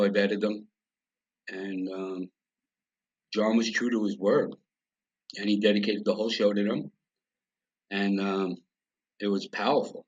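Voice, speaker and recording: Husky, low-ish middle-aged New man, blunt profane podcast storyteller, muffled lo-fi sound. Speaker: podcast guest. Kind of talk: casual storytelling.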